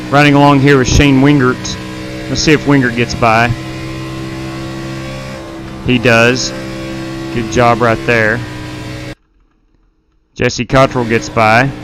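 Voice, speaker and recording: A man hosting a live sim-racing stream, casually commenting on replays and frankly owning his own mistakes. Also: medium pitch. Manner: candid, self-blaming, talks as he rewinds replays. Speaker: stream host and league race director.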